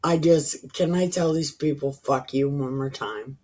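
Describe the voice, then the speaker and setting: A woman reads scripture aloud at an unhurried, deliberate pace, her voice breathy and a little husky. Between verses she drops into profane, sarcastic commentary. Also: sits low, dark tone. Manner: slow deliberate reading broken by profane sarcastic asides. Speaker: Bible reading channel host.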